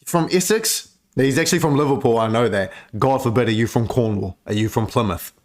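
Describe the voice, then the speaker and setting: A man's voice: medium pitch, a little fast, a little mellow. A man giving casual, profane reaction commentary on music, chatty and laid-back with lots of filler words.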